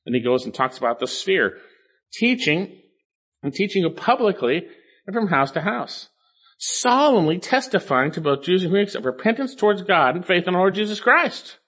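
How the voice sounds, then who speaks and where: Male preacher, slightly higher pitch, reading scripture and explaining it with emphatic rises. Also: very animated, fairly quick, fairly bright tone, husky. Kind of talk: expository sermon.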